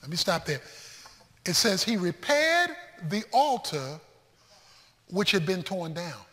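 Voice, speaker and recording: A male pastor preaching in an animated, joking way, his voice very high and bright. He swings his pitch up and down and often shouts. The sound carries a long church reverb. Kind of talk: sermon.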